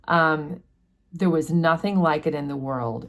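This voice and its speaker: Low-voiced woman explaining a novel chapter. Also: a little slow. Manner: chatty, explanatory, many fillers. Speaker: book study host. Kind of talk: casual book discussion.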